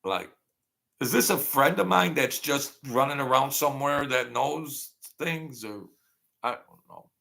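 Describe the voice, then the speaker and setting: A man's voice: mid-range voice, expressive, measured pace, creaky, sharp tone. A man hosting a casual livestream, rambling and thanking viewers by name as he reads their comments. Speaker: channel host.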